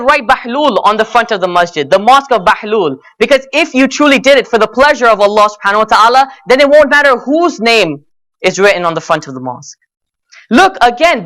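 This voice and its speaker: A man's voice: extremely high pitch, fairly bright tone. A young man giving a sermon at a religious gathering, earnest and direct, calling the listeners brothers and sisters and often saying "you know" as he tells a story. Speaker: speaker at a Muharram gathering.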